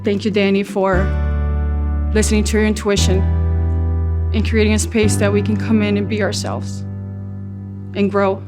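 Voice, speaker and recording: A woman giving a slow, earnest personal testimony of gratitude at church. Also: medium pitch, little pitch movement. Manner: earnest, grateful, slow and emotional. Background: guitar playing softly.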